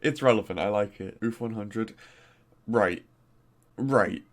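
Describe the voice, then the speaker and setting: A man's voice: fairly low pitch, slow pace. A young man from Norfolk with a mild Norfolk accent, chatting casually and rambling as he reviews gaming community posts. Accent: mild Norfolk English. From Norfolk, England. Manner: chatty, rambling, exclaiming, many fillers. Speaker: gaming YouTuber.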